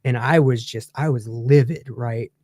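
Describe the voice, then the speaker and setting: A man telling a story in a casual chat show, animated and heated, laughing as he goes. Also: mid-range voice, measured pace, no room sound, studio quality. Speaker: guest on a talk show.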